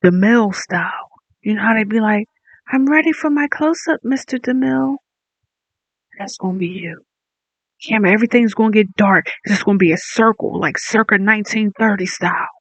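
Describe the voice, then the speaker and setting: An online commentator delivering a mocking, profane rant that spins into a drawn-out, taunting made-up story. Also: mid-range voice, steady tone, fairly bright tone, no room sound, dull audio.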